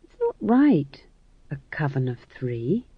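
A woman's voice: sits low, sing-song, slow, breathy edge, dry recording, heavily acted. A woman voicing an earnest, anxious young female witch who pleads and quavers. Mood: pleading. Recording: dull dry studio read.

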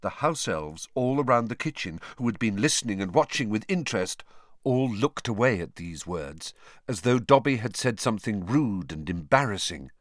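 A man narrating an audiobook in an expressive storytelling manner. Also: lowish voice, normal speed, dry recording, clean studio sound. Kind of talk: scripted narration.

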